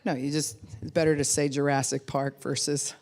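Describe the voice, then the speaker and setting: A middle-aged woman pastor giving a sermon in a conversational, animated way, acting out quotes and laughing often. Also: deep voice, normal speed, a little hiss or hum.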